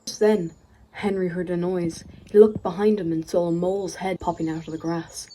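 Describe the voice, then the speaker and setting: A woman narrating a children's animated story in a clear, measured read-aloud manner. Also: on the low side, a little hiss or hum.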